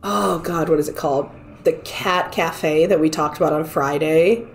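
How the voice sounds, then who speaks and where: A woman with a cold plays a cozy game on stream, her voice sitting a little low. She rambles easily and coos at the virtual cats. Soft game music plays faintly underneath. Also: normal speed. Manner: rambling, chatty, talks to the game's cats. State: sick with a cold. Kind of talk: casual gameplay chat.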